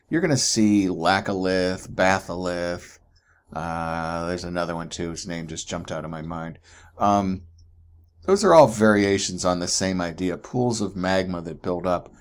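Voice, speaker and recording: A man's voice: sits low, normal speed, a little hiss or hum. A man teaching geology in a chatty recorded lecture, often asking "right?" and correcting himself as he goes.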